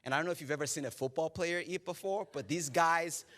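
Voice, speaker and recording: A male pastor delivering a sermon with a high voice. His tone is bright and forceful, and he tells his stories with lively humor, slipping into the voices of the people in them. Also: quick pace. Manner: animated, joking storyteller who acts out quotes. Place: church service.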